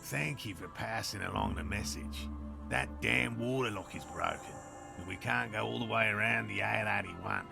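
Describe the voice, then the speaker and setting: An actor playing a dry, sarcastic, learned middle-aged cryptozoologist in a video game. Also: male voice, on the low side, moderate pace, gravelly. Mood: wry. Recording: game audio with music behind.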